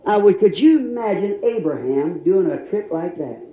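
A man preaching a sermon in a folksy storytelling way, laughing and rising to shouts. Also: high-pitched, lively intonation, moderate pace. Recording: dull, roomy old church recording.

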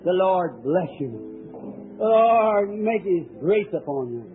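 A man's voice: high-pitched, big pitch swings, takes it slowly, soft background music. A male evangelist preaching at a healing service, fervent and emphatic, calling out to people in the audience. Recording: tinny old lo-fi recording with faint hiss.

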